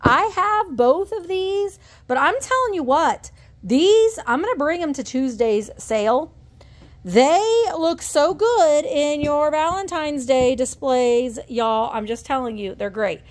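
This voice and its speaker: A woman with a slightly high voice runs a casual show-and-tell vlog about her antique finds. She talks in a friendly, rambling way, gushes over cute items and drops playful asides. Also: animated, takes it slowly. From Indiana. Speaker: antique shop owner and reseller vlogger.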